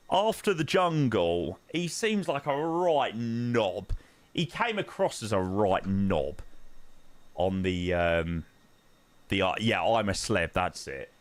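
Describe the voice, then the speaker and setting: A man's voice: mid-range voice, no echo. A young man chatting casually on a flight-sim live stream, bantering with chat in slang.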